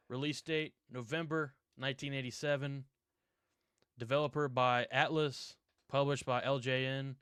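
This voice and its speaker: A man hosting a casual video game podcast, loud and laughing, hyped up between jokes. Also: medium pitch, smooth, no echo. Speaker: podcast host.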